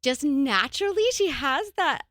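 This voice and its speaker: A young woman co-hosting a relaxed podcast chat, her voice sitting a little high. She laughs easily and playfully mimics little children as she talks. The sound is close and dry, with no room echo. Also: normal speed. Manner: chatty, laughs often, mimics her toddler. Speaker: podcast co-host. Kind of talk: casual chat.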